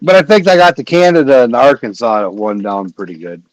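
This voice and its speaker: A man hosting a casual livestream, chatting in a rambling way with filler pauses. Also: mid-range voice, very animated, no room sound, dull audio. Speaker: livestream host.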